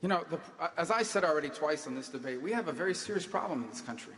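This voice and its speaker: A man speaking as a candidate in a political debate, delivering rapid, forceful lines with lots of repetition, recorded at a podium mic. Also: fairly high pitch, lively intonation. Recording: live on stage in large reverberant hall.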